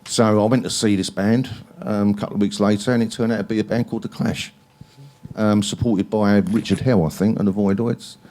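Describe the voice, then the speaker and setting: A man's voice: fairly low pitch, steady tone, a little fast, dark tone. A man, telling long stories as a guest in a live interview, rambling and swearing freely with many ums. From England. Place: library event hall.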